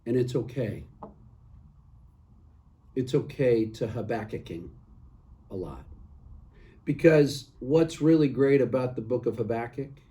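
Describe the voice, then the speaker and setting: A man giving a short devotional as a church pastor, earnest, reading scripture with rising emphasis and then dropping to a soft close. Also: medium pitch, distant mic. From United States.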